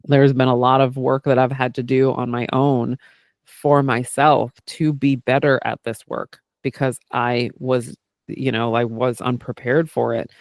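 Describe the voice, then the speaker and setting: A man who hosts a podcast and works as a therapist, talking in a casual chat. He is candid and animated, swears freely and keeps saying "like" and "right?". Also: medium pitch, measured pace, no echo, studio quality. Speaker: podcast host and therapist doing intuitive work.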